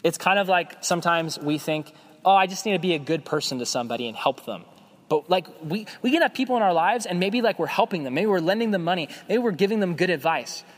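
A young adult man preaching a casual sermon as a youth pastor, conversational and animated, acting out quoted voices. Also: sits high, fast. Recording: long hall reverb.

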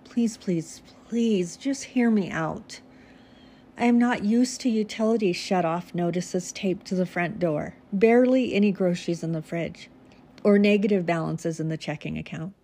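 A woman's voice: fairly low pitch, normal speed, dark tone, natural voice. A woman voicing a patient wife who pleads with and soothes her husband. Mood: pleading.

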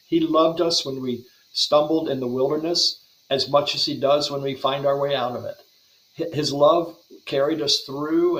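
A man speaks as a podcast guest, giving an earnest devotional teaching in a somewhat high voice. His delivery flows along, with frequent small restarts and repeated words. The recording has a noticeable roomy echo. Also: a bit bright. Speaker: guest Bible translator.

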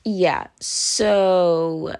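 Extremely slow and steady in tone, a tipsy, drunk podcast host rambles through a casual, loose solo monologue in her low, darkish voice heavy with gravelly fry. She keeps losing the thread with "anyway, moving on," laughing and lapsing into whispers.

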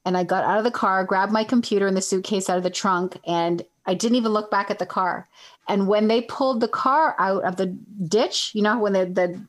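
A woman's voice: mid-range voice, fairly quick. A middle-aged woman from Canada casually telling a long personal story, rambling and correcting herself as she goes. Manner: rambling, self-correcting, animated.

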